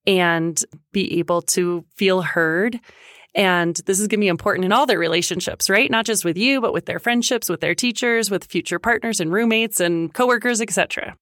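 A woman in her thirties talks to parents as a coach, in a chatty, animated way. Her voice sits at an ordinary middle pitch. The sound is dry and close, with no room around it. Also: dry recording. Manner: chatty, animated, acts out kid and parent lines. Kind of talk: casual advice talk to parents.

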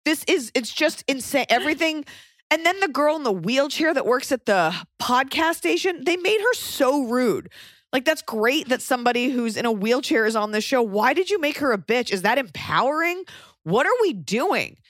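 A woman's voice: sits high, lively intonation, normal speed, a bit bright, no room sound, studio quality. A young woman co-hosting a podcast, giving blunt, sarcastic advice and swearing freely. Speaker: podcast co-host. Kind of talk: casual chat, advice.

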